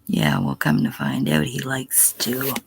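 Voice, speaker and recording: A woman's voice: a bass voice, sing-song, measured pace, no room sound. A middle-aged woman on a casual livestream answering chat, blunt and profane, sometimes dropping to a whisper. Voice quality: gravelly, husky.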